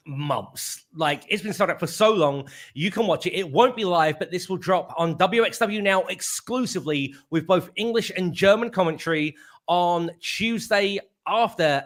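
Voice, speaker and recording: A man's voice: high-pitched, lively intonation, fairly bright tone. A man hosting a casual wrestling preview chat over a video call, upbeat and chatty. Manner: upbeat, chatty, quick to laugh. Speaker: host.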